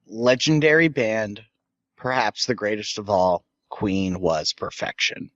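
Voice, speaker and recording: A man co-hosting a podcast in casual chat, tossing in quick offhand remarks. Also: lowish voice, lively intonation, fairly bright tone, no room sound, muffled recording. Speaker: podcast co-host.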